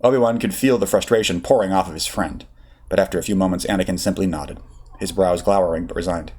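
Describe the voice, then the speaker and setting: A man reads a fan fiction story aloud. His voice sits a little low, and his narration is steady and expressive between the voices he puts on. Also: quick pace, husky. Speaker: audiobook reader.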